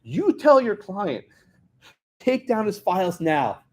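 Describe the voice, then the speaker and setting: A man's voice: high-pitched, big pitch swings, very fast, slightly rough, voice pushed up, full character voice. A man imitating a brusque, pushy middle-aged male governor who barks demands on the phone. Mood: bossy. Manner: demanding, bossy.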